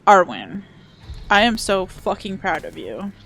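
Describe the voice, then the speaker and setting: A woman streaming a game and chatting casually, excitable and joking, with frequent swearing. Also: medium pitch, a little slow, creaky, soft background music. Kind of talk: casual livestream commentary while playing.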